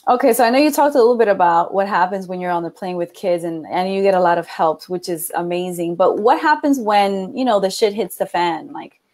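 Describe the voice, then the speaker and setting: A woman hosting a relaxed interview. She is chatty, laughs easily, and asks loose follow-up questions in a mid-pitched voice. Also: a little fast, few pauses. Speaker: interview host. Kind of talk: casual interview conversation.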